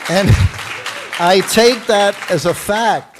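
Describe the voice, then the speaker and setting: A man's voice: high-pitched, takes it slowly, crowd noise, noisy background. An older man in his seventies speaks in a slightly raised voice as he leads a morning temple class. He tells personal stories in a self-deprecating way and often breaks into chuckles. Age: 70s. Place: temple hall.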